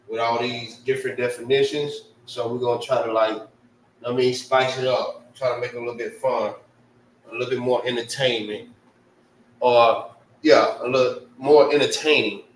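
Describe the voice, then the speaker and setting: A man's voice: mid-range voice, fairly even intonation, moderate pace, long pauses, echoey room, distant mic, slight background noise, poor audio. A man teaching a casual language lesson, spelling out sounds and often checking in with "right?".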